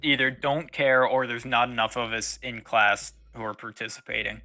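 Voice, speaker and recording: A teenage boy co-hosts a casual podcast with a bright, ringing voice. He is easygoing and agreeable and mostly chimes in briefly. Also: mid-range voice, steady tone, normal speed. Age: teens. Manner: easygoing, agreeable, short replies. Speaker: podcast co-host. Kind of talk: casual chat.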